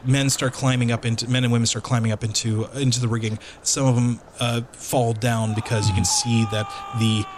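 A man's voice: mid-range voice, flat delivery, noisy background. A man narrating as game master of a tabletop game, often restarting and filling with ums. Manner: halting, restarts with fillers.

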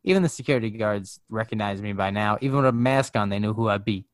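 A man's voice: fairly low pitch, fast talker, dry recording. Laid-back profane man telling a story. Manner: laid-back, profane, full of fillers like "like" and "bro". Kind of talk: casual storytelling. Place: living in Arizona.

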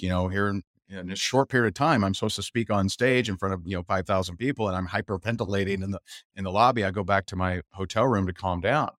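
Low-voiced man telling candid stories. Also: no echo, clean studio sound. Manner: animated storyteller who acts out other people's voices. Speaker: podcast guest. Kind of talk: candid interview storytelling.

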